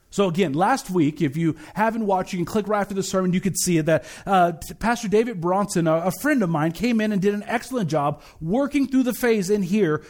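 A male pastor preaching in a relaxed, conversational way, with a fairly high voice. He jokes, trips over and repeats his words, and slows right down when reciting a statement of faith. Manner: casual, joking, restarts and repeats words; recites the creed slowly and deliberately. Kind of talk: conversational sermon.

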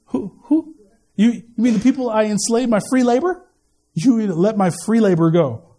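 A man's voice: high-pitched, moderate pace, mellow. A man preaching, briefly voicing a scoffing, indignant king who mocks the request. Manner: mocking, incredulous.

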